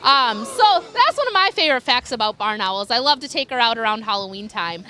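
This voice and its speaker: A woman's voice: a little high, big pitch swings, fairly quick, bright, forceful tone. A young woman giving an enthusiastic wildlife lecture to an audience, sometimes imitating animal calls. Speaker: raptor educator. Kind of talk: public lecture.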